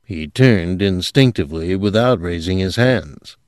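A man narrating an audiobook in an expressive, dramatic reading style. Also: low voice, measured pace, no echo, clean studio sound.

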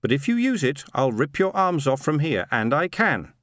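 A man's voice: a little high, big pitch swings, moderate pace, fairly bright tone, dry recording, studio quality, pitched above the performer's own voice. A man playing a blunt machine mind. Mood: cool. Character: brusque, powerful machine mind controlling robots.

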